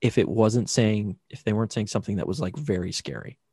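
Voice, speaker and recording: A man's voice: lowish voice, a little fast, warm tone, husky, no room sound, clean studio sound. An American man co-hosting a podcast, chatting casually, rambling, laughing and swearing freely. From United States. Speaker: podcast co-host. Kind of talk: casual chat.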